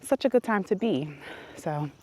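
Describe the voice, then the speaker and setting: A woman's voice: fairly low pitch, lively intonation, moderate pace, a little mellow. A woman, telling a story in a casual vlog while walking outdoors, a little out of breath. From New York City. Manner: chatty storytelling, acts out quotes with laughs. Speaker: beauty vlogger. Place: outdoors on a quiet country road, walking.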